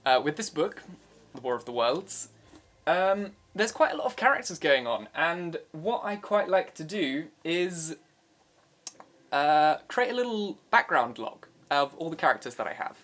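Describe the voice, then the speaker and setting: A man's voice: fairly high pitch, big pitch swings, a little slow, a bit bright. A young man, an audiobook narrator, explaining his process in a chatty, upbeat way. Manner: chatty, upbeat, with frequent fillers. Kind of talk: casual explanatory vlog talk.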